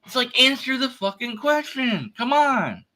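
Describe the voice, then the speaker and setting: His voice is extremely high and bright, with big pitch swings, a forceful tone, and a measured pace. This man, an atheist streamer, reacts to an online debate exchange, ranting in exasperation. Along the way he performs quoted bits, playing store clerks in little scenes.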